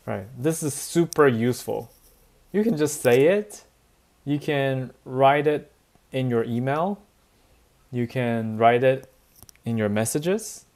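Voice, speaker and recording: A man's voice: mid-range voice, lively intonation, takes it slowly, pauses often, a little mellow. Man, casual English lecture, asks "right?" a lot. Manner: chatty, says "right?" often, laughs lightly. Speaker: English teacher. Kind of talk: relaxed bilingual classroom lecture.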